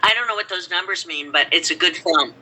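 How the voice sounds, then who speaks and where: Older actress, chatty anecdote-teller, bright cutting voice. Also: female voice, on the low side, brisk, low-quality recording. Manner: rambling animated storytelling. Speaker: actress guest. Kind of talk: casual reminiscing.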